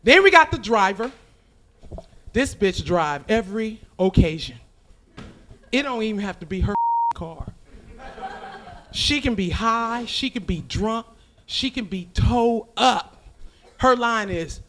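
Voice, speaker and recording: A woman doing a loud, brash and profane stand-up comedy set on a club stage, working the crowd. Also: a little high, lively intonation, measured pace, long pauses.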